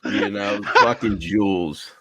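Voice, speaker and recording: A man telling stories as a guest on a casual podcast, animated and full of swearing, laughing often as he talks. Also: on the low side, takes it slowly, a little hiss or hum. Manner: profane, animated storyteller who laughs often. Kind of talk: casual storytelling chat.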